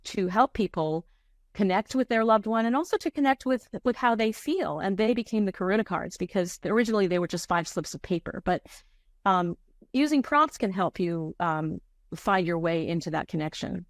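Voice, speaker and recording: A woman's voice: medium pitch, expressive, normal speed, no echo, studio quality. A middle-aged woman working as a grief counselor, answering interview questions in a candid, searching way with frequent restarts.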